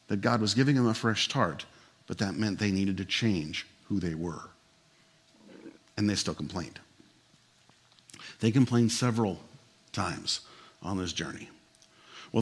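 A man's voice: medium pitch, husky. A man preaching a sermon as pastor, telling stories in an easy, conversational way with some humor, and turning earnest and emphatic when he makes his point.

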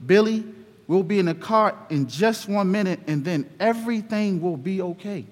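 A man voicing a patient young father who quietly soothes his child in a low, soft voice. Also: very animated, takes it slowly, long reverb tail, heavily acted. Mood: soothing.

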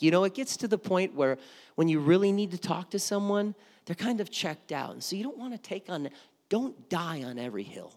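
A man's voice: on the high side, lively intonation, moderate pace. A middle-aged man preaching a sermon as pastor, conversational and often repeating words as he starts a thought. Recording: long reverb of a hall.

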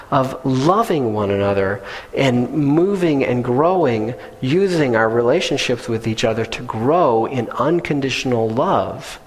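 A male pastor preaching a sermon in an earnest, conversational way, with casual asides to the congregation. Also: medium pitch. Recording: long reverb of a large hall.

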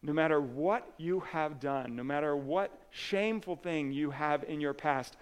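Earnest pastor, loud then hushed. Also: male voice, on the high side, unhurried, clean tone. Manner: earnest, swings from emphatic to soft and quiet; casual asides with fillers and restarts. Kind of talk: sermon.

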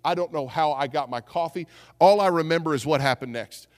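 A man preaching a sermon as pastor, telling a story with animated delivery and acting out what people said. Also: on the high side, brisk. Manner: storytelling, animated, acts out quotes. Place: church sanctuary. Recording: church hall with long reverb.

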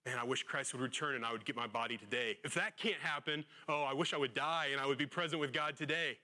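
A man preaching a sermon as pastor, earnest, rising louder on rhetorical questions and dropping low and hushed on solemn lines. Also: fast talker.

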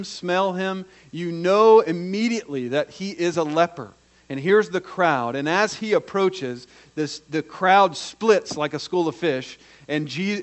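A man preaching a sermon, acting out quoted voices and swinging from hushed to loud. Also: a little high. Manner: dramatic, acts out the quoted voices.

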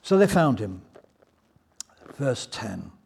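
A man preaching a Bible teaching sermon, retelling scripture in a lively storytelling way. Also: mid-range voice, slow, gravelly, husky.

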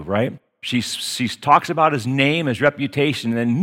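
A man's voice: medium pitch, normal speed, fairly bright tone. A middle-aged man, a pastor giving a conversational sermon, folksy and storytelling, often tagging his points with "see?". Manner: folksy, with frequent tag questions like "see?"; teaching in a chatty, storytelling way.

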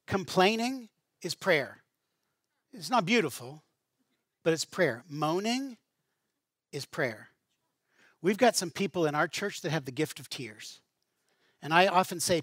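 A man's voice: a little high, a bit bright, dry recording, clean studio sound. A middle-aged man preaching a sermon as a pastor, conversational, with asides and light humor.

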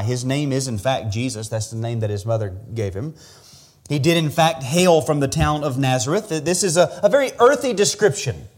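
A man's voice: medium pitch, lively intonation, moderate pace. A man preaching an expository sermon as pastor, earnest and teaching verse by verse, often repeating a word as he restarts.

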